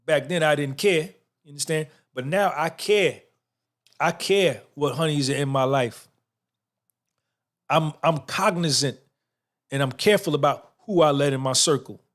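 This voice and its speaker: A man's voice: a little high, normal speed. A man in his fifties hosting a livestream podcast, talking to his chat in a boastful, profane, streetwise way. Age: 50s. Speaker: podcast host. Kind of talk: boastful casual livestream talk, answering chat.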